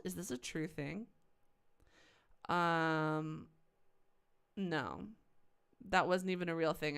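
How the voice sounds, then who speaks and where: Chatty woman streaming a game, lively pitch. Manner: chatty, sarcastic asides. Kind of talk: live gameplay commentary.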